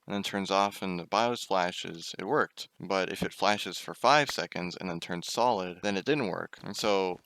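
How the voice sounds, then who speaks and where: A man's voice: sits low, moderate pace, few pauses, fairly bright tone, no echo. A young man telling a casual story while gaming, chatty, swearing and breaking off to react to the game. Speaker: gaming YouTuber.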